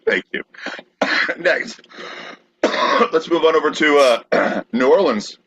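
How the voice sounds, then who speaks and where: A man's voice: on the high side, takes it slowly, noisy background. A man co-hosting a podcast, teasing in casual banter over a video call. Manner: playful, teasing. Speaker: podcast co-host. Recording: dull, muffled dry sound.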